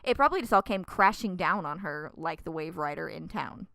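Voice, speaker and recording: Podcast co-host, woman, smooth clear voice, thoughtful and wry. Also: sits low, animated, a little fast, a bit bright, dry recording. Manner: thoughtful, analytical, dry jokes. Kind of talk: casual chat.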